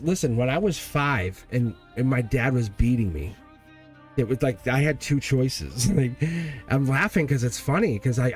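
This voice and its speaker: A man in his forties hosts a live tarot stream in an emphatic, rambling style, laughing between points. His voice sits at an ordinary middle pitch, and faint music plays quietly behind him. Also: husky. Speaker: tarot reader and livestream host.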